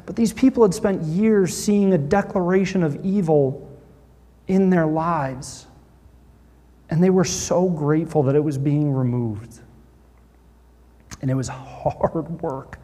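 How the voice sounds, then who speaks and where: A pastor telling a story in a sermon, animated and acting out what people said. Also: male voice, on the high side, in a large hall.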